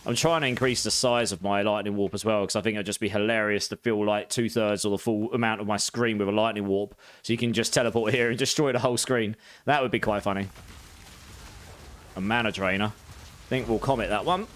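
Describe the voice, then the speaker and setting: A British game streamer with a lowish voice and steady tone talks briskly through his gameplay. His commentary is chatty and casual, and he laughs often while chatting with viewers.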